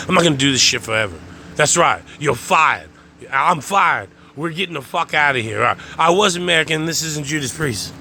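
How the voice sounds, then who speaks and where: Male host, gravelly bright voice, rambling profane monologue, repeats lines like a chant. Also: mid-range voice, a little hiss or hum. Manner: profane, repetitive, chanting phrases over and over. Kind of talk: rambling stream-of-consciousness monologue.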